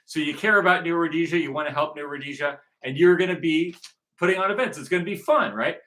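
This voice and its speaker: A man's voice: fairly high pitch, fast talker, fairly bright tone. A man from Southern California giving a rambling, repetitive recruitment monologue, circling back to the same points. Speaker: movement organizer.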